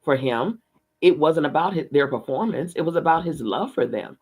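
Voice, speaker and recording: A man reading a novel aloud in a measured, steady storytelling manner. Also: fairly high pitch, slightly rough. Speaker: book reader.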